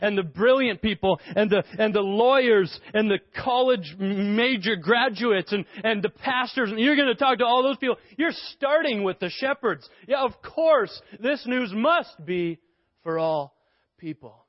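A young man preaching a sermon as a pastor, animated and conversational with playful asides. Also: high-pitched, unhurried, dry recording. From Canada. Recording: dry, dull lo-fi sound.

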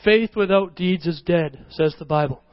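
A man preaching a sermon to his church, telling a personal story as an animated storyteller who often laughs at himself. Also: high voice, normal speed, dry recording. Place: church service. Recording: slightly dull recording with worship music behind.

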